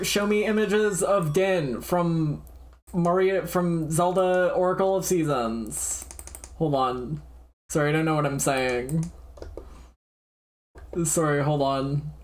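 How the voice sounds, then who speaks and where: A streamer drawls through a casual browsing session at an unhurried pace, wandering from thought to thought and breaking into laughter. The talk is loose and sprinkled with swearing, with soft music playing faintly underneath. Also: medium pitch. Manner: rambling and easily distracted, laughing often, with bursts of swearing. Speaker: livestreamer. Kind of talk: casual livestream chat while browsing the web.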